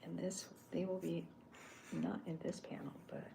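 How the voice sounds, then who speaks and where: Soft-spoken woman, gravelly half-whisper. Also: fairly low pitch, level tone, normal speed. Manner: soft, half-whispered, rambling thinking aloud. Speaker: artist live-streaming her drawing. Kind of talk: soft-spoken ASMR drawing stream. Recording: noisy home stream audio.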